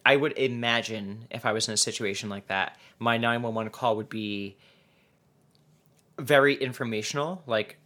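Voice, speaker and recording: A man co-hosts a casual true-crime podcast in a bright, forward voice. He rambles in a chatty way, full of fillers and restarts. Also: medium pitch, normal speed. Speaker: podcast co-host.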